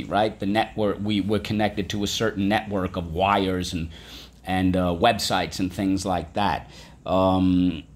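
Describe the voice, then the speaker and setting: Deep-voiced man teaching kids vocabulary. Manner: patient, repeats and spells words, prompts with "what's the word?". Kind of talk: vocabulary lesson for children.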